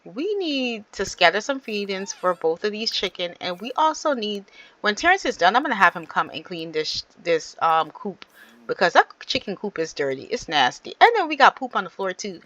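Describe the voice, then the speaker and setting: A woman's voice: medium pitch, very animated, moderate pace, fairly bright tone. A woman giving casual, chatty gameplay commentary and talking straight to her viewers. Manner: chatty, addresses viewers directly. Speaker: gaming channel host.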